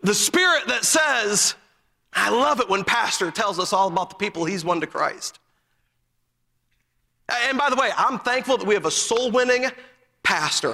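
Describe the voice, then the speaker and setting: High gravelly preacher guy, fired up, shouting bits, big echoey hall. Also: animated, normal speed, pauses often. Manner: fervent storytelling, breaks into emphatic shouts. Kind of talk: sermon.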